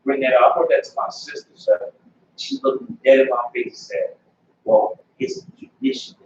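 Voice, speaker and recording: A man's voice: medium pitch, sing-song, fairly quick, slight background noise. A man giving an emphatic personal testimony in a class, acting out what family members said to him. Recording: echoey room, far from mic, dull lo-fi.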